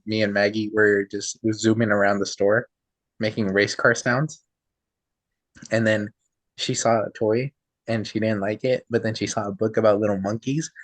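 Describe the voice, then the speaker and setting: A man's voice: fairly low pitch, no echo, rough recording. A young man telling a long, rambling anecdote full of quoted dialogue, joining a casual podcast by video call. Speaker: podcast co-host. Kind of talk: casual chat.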